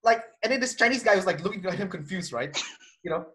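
A man speaking quickly in a somewhat high voice, animated as he recounts a personal story to his interviewer. He acts out the lines of the people in the story, stumbling and restarting as he rushes ahead. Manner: animated, acts out quoted dialogue, frequent restarts. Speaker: interview guest. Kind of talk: casual conversational storytelling.

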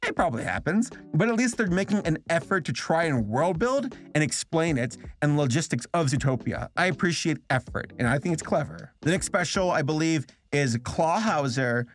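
A man's voice: fairly high pitch, expressive, moderate pace, few pauses. An American man giving a casual video review, loose and joking, rambling with fillers. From United States. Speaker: online film reviewer.

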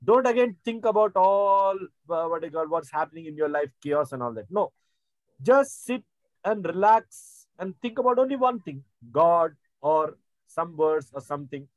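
A man's voice: fairly high pitch, animated, moderate pace, dry recording, poor audio. A middle-aged man preaching a sermon, rambling with many fillers and restarts. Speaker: pastor. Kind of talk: sermon teaching.

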